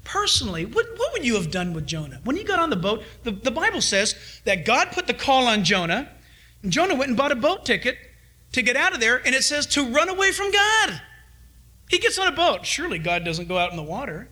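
A middle-aged man preaching with lively, animated pitch that leaps up when he urges and drops low for quiet asides. His voice sits unusually high for a man. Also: fairly quick. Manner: animated, swings between loud urging and hushed asides. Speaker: pastor. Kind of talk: sermon.

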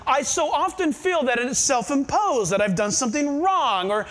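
A man's voice: extremely high pitch, expressive, moderate pace, a bit bright. A middle-aged man, preaching a sermon and asking the congregation questions. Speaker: pastor.

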